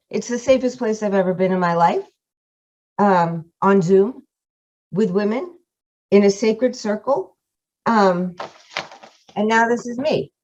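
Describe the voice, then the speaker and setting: A woman speaks openly and emotionally about a course, mixing swearing with self-mocking jokes. Her voice sits in an ordinary middle range. It comes through a computer camera mic on a video call, and the audio sounds muffled. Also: mid-range voice. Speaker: course participant giving a testimonial. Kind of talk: candid testimonial on a video call.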